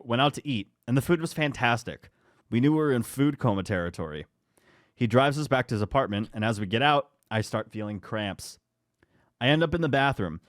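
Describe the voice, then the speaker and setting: Recorded with clean studio sound and no room echo, a mid-range male voice reads posts aloud on a podcast he co-hosts. He chats casually, often rambling off into asides full of laughter.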